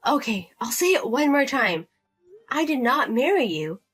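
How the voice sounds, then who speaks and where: Woman voicing a fed-up, sharp young wife. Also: high voice, sing-song, normal speed, husky, faint music behind, heavily acted. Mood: firm. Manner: sharp, blunt, repeating herself. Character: fed-up young wife standing her ground.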